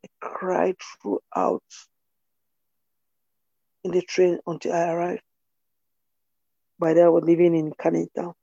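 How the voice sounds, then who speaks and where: A woman recounts her life in an interview, earnest and halting, often restarting her sentences. Her voice is dark and husky. The recording is dry, slightly muffled and lo-fi. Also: on the low side, level tone, dry recording. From Cameroon. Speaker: interview guest. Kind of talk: personal testimony in conversation.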